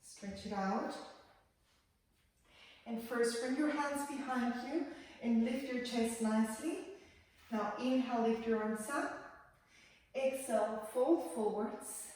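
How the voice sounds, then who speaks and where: Gentle woman guiding a yoga class. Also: on the high side, slow, long pauses. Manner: calm, gentle cueing of breath and movement. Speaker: yoga teacher. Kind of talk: guided yoga class instruction. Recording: echoey room, voice from far off the mic.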